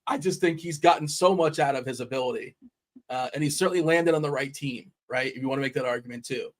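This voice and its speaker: A man's voice: mid-range voice, quick pace. A man hosting a fantasy sports livestream, talking casually and with animation, rambling and laughing often. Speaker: DFS show host.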